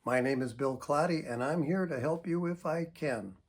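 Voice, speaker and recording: An older man, a psychotherapist, giving earnest, emphatic advice straight to camera and showing how to sigh out deep breaths. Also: moderate pace, breathy edge. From United States. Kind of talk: direct-to-camera advice talk.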